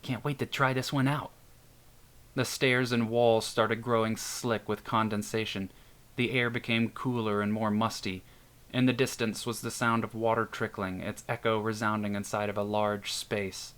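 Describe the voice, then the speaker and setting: Man, low voice, horror story narrator, steady storytelling. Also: normal speed, smooth. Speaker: narrator and author.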